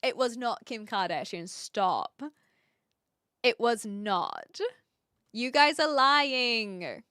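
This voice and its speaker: A woman's voice: a little high, lively intonation, extremely slow, bright, forceful tone, clean tone, no echo, studio quality. A young woman livestreaming, chatting casually and rambling with lots of fillers while reacting to her chat. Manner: reads chat and reacts aloud.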